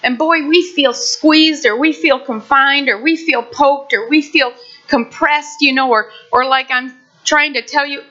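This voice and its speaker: A woman's voice: high-pitched, a little slow, pushed and bright, faint music behind. An older woman pastor giving a heartfelt, conversational sermon with many restarts. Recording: muffled lo-fi recording.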